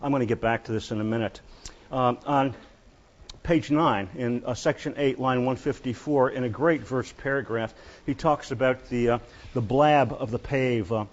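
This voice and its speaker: A man lecturing on literature as a university professor, speaking in a halting way with many pauses and restarts. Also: medium pitch, highs cut off.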